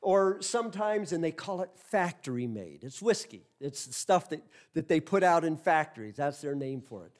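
A man's voice: fairly high pitch, big pitch swings, moderate pace, few pauses. A man preaching a sermon as a missionary, telling a story earnestly and repeating phrases for emphasis.

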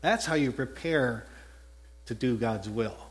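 A man's voice: mid-range voice, a little slow. A man with a Texan accent, a pastor giving a conversational sermon that mixes scripture with a personal story, often correcting himself mid-sentence. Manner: conversational, self-correcting, chuckles at his own stories.

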